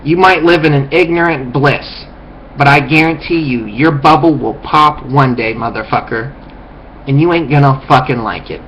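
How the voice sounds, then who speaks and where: A man's voice: mid-range voice, normal speed, a bit bright, slight background noise, poor audio. A man delivering a profane, contemptuous ranting monologue as a vlogger, lecturing his viewers.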